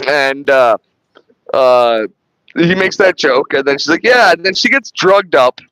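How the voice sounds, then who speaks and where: A man's voice: medium pitch, lively intonation, measured pace, a bit bright, no room sound, poor audio. A man hosting a podcast, retelling film scenes in casual, rambling chat full of restarts and swearing. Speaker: podcast host reviewing a film.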